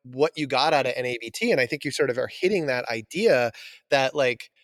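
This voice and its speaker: A man's voice: medium pitch, a little fast, fairly bright tone, no room sound. Enthusiastic man host, dry close sound. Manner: enthusiastic, uses "like" a lot, rambling. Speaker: podcast host, biology teacher. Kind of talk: casual interview chat.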